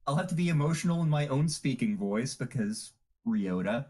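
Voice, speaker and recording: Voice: mid-range voice, lively intonation, normal speed, darkish tone. A podcast host chatting casually with the crew, rambling and laughing often. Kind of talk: casual group podcast chat.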